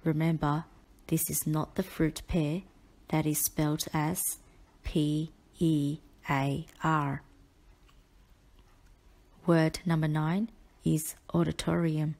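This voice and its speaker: A woman tutor reads out a spelling list in a low, even voice. She speaks slowly and enunciates each word with care, like a dictation lesson. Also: creaky. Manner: measured, deliberate, carefully enunciated.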